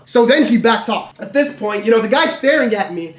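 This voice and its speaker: A young man streaming live, telling a story in a casual, animated way, full of "literally" and "right?". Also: high voice, a little fast. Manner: animated, conversational, lots of fillers like "literally" and "right?".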